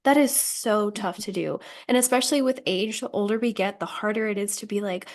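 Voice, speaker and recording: A woman's voice: on the high side, normal speed. A woman in a group conversation speaking in an affirming, chatty way, with a lot of "like" in her speech.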